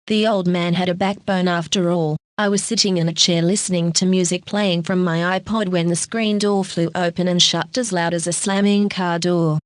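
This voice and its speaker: A woman reading a first-person audiobook in an even, steady manner, close to the mic. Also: on the low side, dry recording. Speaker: audiobook narrator.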